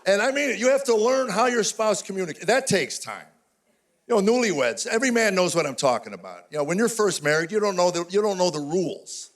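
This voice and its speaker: An older man performing live stand-up comedy on stage, telling rapid-fire stories with exasperated punchlines. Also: high-pitched, expressive. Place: stage before a live audience.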